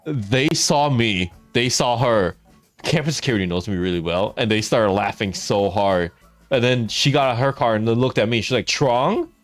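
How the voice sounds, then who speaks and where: A man's voice: fairly low pitch, normal speed, soft background music. A man telling a funny story to his stream while gaming, laughing often as he talks.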